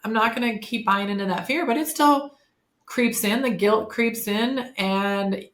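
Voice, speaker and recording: A woman's voice: fairly high pitch, unhurried, fairly bright tone. A woman in her fifties, a guest on a podcast interview, speaking candidly and chattily with frequent fillers and self-corrections. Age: 50s. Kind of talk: casual conversational interview. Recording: echoey room.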